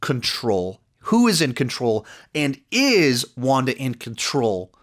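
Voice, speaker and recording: A man's voice: medium pitch, wildly swooping pitch, takes it slowly. A man giving a casual spoken review of a TV episode, rambling through the plot with lots of "like" and "you know" and acting out the characters' lines. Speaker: TV series reviewer.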